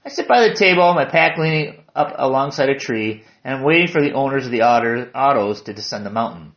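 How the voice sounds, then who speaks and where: A man with a southern Lower Peninsula Michigan accent, narrating a hiking memoir in a calm, descriptive way. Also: fairly quick, highs cut off.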